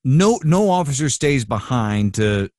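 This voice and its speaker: A man interviews a guest at a middle pitch, pressing him to paint the scene. His questions come in short, plain phrases. The recording is dry and close. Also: sing-song, unhurried, dark tone, no room sound. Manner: prompting, asks the guest to describe scenes in detail. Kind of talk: podcast interview.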